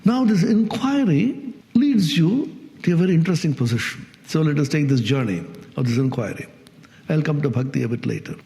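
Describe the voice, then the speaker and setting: Man, spiritual teacher, lively swooping pitch, mellow tone, asks the audience questions. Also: brisk, long reverb tail. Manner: questions the audience, acts out everyday speech. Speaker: swami teaching Vedanta.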